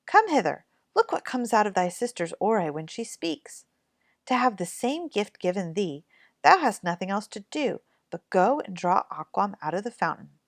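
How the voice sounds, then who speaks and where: A woman voicing a sharp, scolding mother in a storybook read-aloud, brusque and shrill. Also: big pitch swings, normal speed, dry recording, studio quality.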